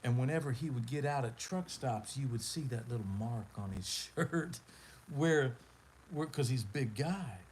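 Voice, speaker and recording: A man hosts a live stream and tells a long road story in a rambling, laid-back way, filling it with "man" and "you know". His voice sits at an ordinary middle pitch. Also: moderate pace, a little mellow, a little hiss or hum, poor audio. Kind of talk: casual storytelling.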